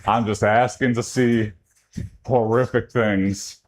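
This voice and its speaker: Chatty man streaming his workout. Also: slow pace. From Texas. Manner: chatty, rambling, pitch jumps up when excited. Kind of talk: casual livestream chat while working out.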